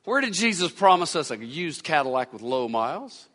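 A man delivers a sermon from the pulpit, circling back and repeating lines to drive his point home. His voice is bright and sits slightly high, and it rings out with a long reverb from the church around him. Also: sing-song, normal speed. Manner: preaching with repetition and rising emphasis. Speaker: pastor. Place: church sanctuary.

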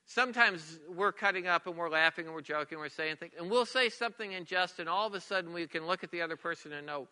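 A man's voice: high-pitched, lively intonation, quick pace, hardly any pauses, bright, forceful tone, clear, resonant tone, big-room sound. A middle-aged man preaching a sermon as a pastor, earnest and repetitive, sometimes dropping to a near whisper for emphasis.

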